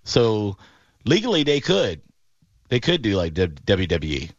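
A man hosting casual sports talk, animated and quick to mock what he retells. The sound is slightly dull and muffled, with a dry, close feel and no room echo. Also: fairly low pitch. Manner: animated storyteller, mocking voices in quotes. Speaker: podcast host.

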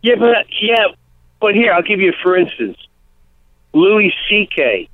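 A comedian in a casual radio interview, telling animated stories and acting out quotes. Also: male voice, high voice, a little slow, no echo. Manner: animated storytelling, acts out quotes. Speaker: comedian guest. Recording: tinny phone-line sound.

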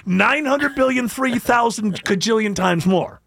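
New guy hosting a podcast, high gravelly voice, jokey and sarcastic, dry close sound. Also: a little slow, no echo. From Rochester, New York. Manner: sarcastic, animated, laughs often. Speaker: podcast host. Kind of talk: casual comedic chat.

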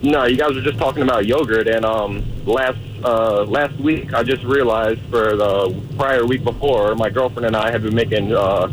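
Halting male caller on a noisy line. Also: mid-range voice. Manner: halting, with many fillers. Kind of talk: phone call.

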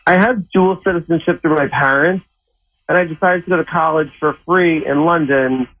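A man's voice: a little high, normal speed, slight background noise. Sheepish man on a tinny phone line. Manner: sheepish, rambling. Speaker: caller. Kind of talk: phone-in confession.

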